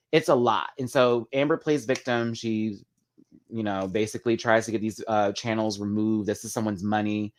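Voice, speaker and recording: A man hosting a live chat, talking casually and gossipily to viewers, calling them "girl" and "y'all", with big sudden swings in pitch and loudness. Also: a little fast. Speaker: livestream host.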